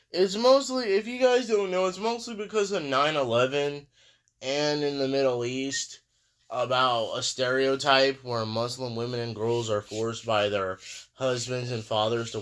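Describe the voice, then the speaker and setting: A man's voice: mid-range voice, fairly bright tone, smooth. A man hosting a reaction video, musing aloud in a rambling, casual way with lots of fillers.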